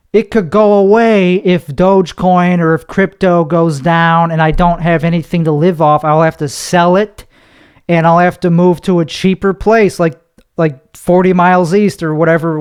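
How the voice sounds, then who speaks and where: Nervous, rambling young man, high smooth voice. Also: fairly even intonation, moderate pace. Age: young adult. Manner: anxious, rambling, heavy cursing. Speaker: podcast host. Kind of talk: solo podcast monologue.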